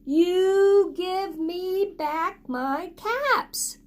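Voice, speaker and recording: A woman voicing an angry male cap peddler in a storybook read-aloud. She scolds slowly and emphatically. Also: extremely high pitch, pitched above the performer's own voice, full character voice. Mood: angry scolding.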